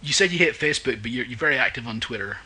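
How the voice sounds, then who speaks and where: Husky bright-toned podcast host. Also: male voice, mid-range voice, lively intonation, racing, low-quality recording. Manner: rambling, many fillers and restarts, plugs events. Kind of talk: casual podcast interview.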